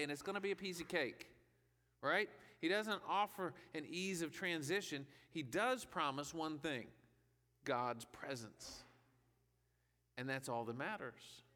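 A pastor with a bright, slightly high voice delivers a sermon in a hall. He preaches conversationally and uses rhetorical questions, and the hall gives his voice a long reverb.

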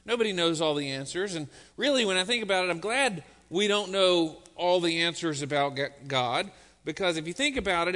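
A man's voice: fairly high pitch, a bit bright. A man preaching as a pastor, talking in a loose, joking, conversational way to his congregation. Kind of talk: sermon. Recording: long church reverb.

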